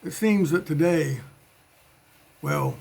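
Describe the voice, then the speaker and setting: A man's voice: a little high, slow, vocal fry, darkish tone, breathy edge. A man giving an informal sermon in a conversational way, with playful voiced asides. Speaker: preacher.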